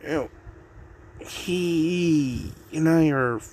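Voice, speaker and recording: A man's voice: a little high, drawn-out words, a little mellow, slight background noise. A man voicing a hot-tempered teenage girl hero who stammers and swears at herself. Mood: awkward.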